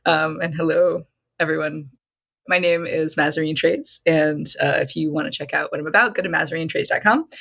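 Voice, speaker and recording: Podcast guest: woman coach, animated talker, bright edgy tone, muffled lo-fi recording. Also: deep voice, gravelly. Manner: animated storytelling, frequent "like". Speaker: nonprofit consultant and coach, guest. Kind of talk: conversational podcast interview. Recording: dull lo-fi sound.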